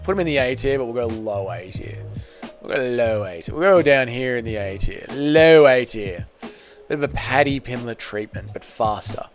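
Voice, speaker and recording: A young man who talks quickly and rambles as he reads viewer comments aloud on a casual stream. He fills his talk with "like" and swears freely. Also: medium pitch, expressive, faint music behind. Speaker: MMA livestreamer.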